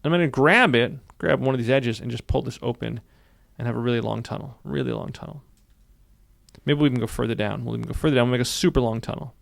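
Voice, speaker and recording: A man teaching software in a screen-recorded tutorial, upbeat, narrating his clicks and often repeating phrases. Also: medium pitch, fast, gravelly, no room sound. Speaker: software instructor.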